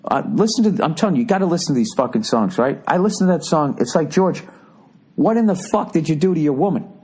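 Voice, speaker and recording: A man's voice: a little high, animated, quick pace, darkish tone, breathy edge. A middle-aged man with a Boston accent hosting a comedic podcast monologue, ranting profanely and incredulously. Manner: ranting, profane, incredulous, mock-singing quotes. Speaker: podcast host.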